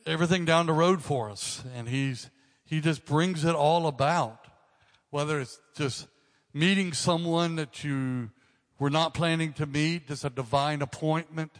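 Male pastor, 60s, relaxed sermon talk with quips, slightly high voice, echoing church hall. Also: unhurried. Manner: casual, joking asides.

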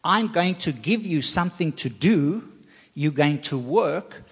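A man preaching a sermon, speaking with slow emphasis and repeating phrases to drive points home. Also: on the high side, animated, slightly rough, long reverb tail.

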